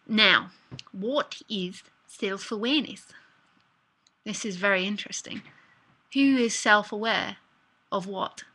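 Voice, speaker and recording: A woman's voice: mid-range voice, measured pace, pushed and bright. A woman with an English accent, a spiritual teacher casually reading and answering listener questions, thinking aloud with rhetorical questions. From England. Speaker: spiritual teacher hosting live talks.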